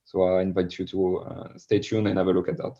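A man's voice: low voice, little pitch movement, a little fast, warm tone, dull audio. A man with a French accent, a podcast guest explaining a product earnestly and often repeating words. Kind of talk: podcast interview.

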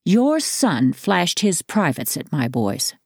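Narrator putting on a cranky neighbor lady, curt and accusing, low gravelly tone. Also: very animated, slow pace, darkish tone, no room sound, studio quality, heavily acted. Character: angry scowling neighbor woman.

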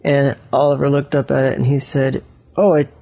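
A man telling an improvised story to a child. He speaks haltingly, restarts often, and pauses to explain words as he goes. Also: medium pitch, completely flat delivery, vocal fry, mellow, lo-fi sound.

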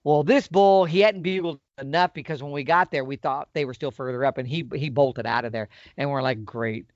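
A man's voice: a little high, a little fast, dry recording. A middle-aged man telling a hunting story in a casual, folksy way. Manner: animated, folksy storyteller with lively swings. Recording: dull, lo-fi dry sound.

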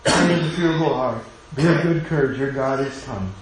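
A man preaching a sermon as pastor and leading a prayer, earnest and pleading, often dropping to a quiet hush. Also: mid-range voice, normal speed, slight background noise. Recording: very echoey room with faint ambience.

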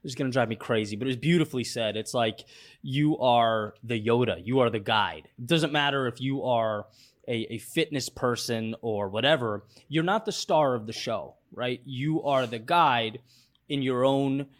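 A man with a mid-pitched voice speaks as a podcast guest. He thinks aloud with many fillers and restarts, in an easy conversational way. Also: normal speed. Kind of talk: casual interview talk.

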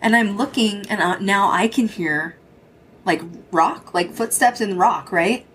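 A woman's voice: mid-range voice, measured pace, a bit bright, a little hiss or hum. A young adult woman hosting a podcast, telling a spooky road-trip story in a casual way, cursing freely and acting out what others said. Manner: swears freely, quotes others in dialogue. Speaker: podcast host.

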